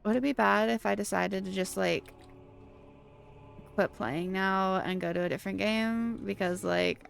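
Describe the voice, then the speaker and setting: A woman talks her way through a game stream in loose, rambling casual chat, often irritated and reading chat aloud. Her voice sits at a middle pitch with a gravelly vocal fry running through it. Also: steady tone, moderate pace, soft background music.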